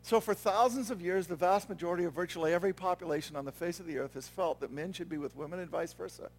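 A man with a noticeably high voice delivers a sermon in an earnest, conversational way. He often stops to check in with his listeners, asking if they follow along before going on. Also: quick pace. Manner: earnest, conversational preaching with frequent "okay?" and "right?" check-ins. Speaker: pastor. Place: church.

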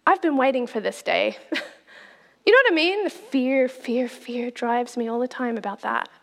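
Brief: middle-aged woman preacher, high and lively voice, animated storytelling with laughs. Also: moderate pace, gravelly. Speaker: speaker at a church talk. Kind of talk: storytelling sermon.

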